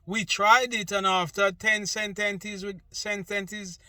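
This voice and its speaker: A man's voice: sits high, level tone, slow, bright, forceful tone, no room sound. A man from Jamaica with a Jamaican accent, talking through an earnest, opinionated monologue as host, slipping between patois and English. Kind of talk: casual monologue.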